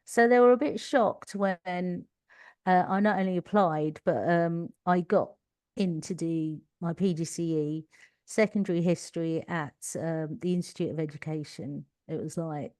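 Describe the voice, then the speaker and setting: A woman's voice: on the low side, a little slow, darkish tone, no echo, studio quality. Laughing Cockney woman telling stories. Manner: chatty storytelling with frequent laughter. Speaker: guest. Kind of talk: conversational interview.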